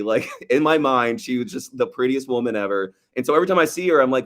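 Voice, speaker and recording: A man co-hosting a casual movie podcast, animated and profane, often acting out scenes as he talks. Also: mid-range voice. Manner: fast, animated, profane, acts out film scenes. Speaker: podcast co-host. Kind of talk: casual movie review chat.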